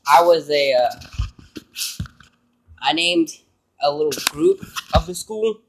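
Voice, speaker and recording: A man's voice: a little high, very animated, takes it slowly, creaky, background noise. A man vlogging, telling an emotional personal story in an earnest, rambling way.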